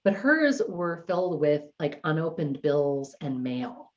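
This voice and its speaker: Low-voiced woman telling class stories. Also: very animated, measured pace. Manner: chatty and conversational, many fillers like "like" and "you know". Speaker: decluttering workshop teacher. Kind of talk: storytelling in a live class talk. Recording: dull lo-fi recording.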